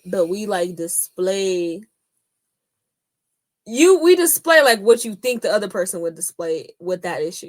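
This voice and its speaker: A young woman co-hosting a casual podcast chat, telling stories in an animated way, full of slang and fillers. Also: medium pitch. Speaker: podcast co-host.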